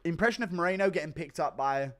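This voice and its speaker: A man's voice: on the high side, animated, fast, a bit bright. A young man hosting a live stream, reading donations and joking crudely between laughs. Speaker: streamer host.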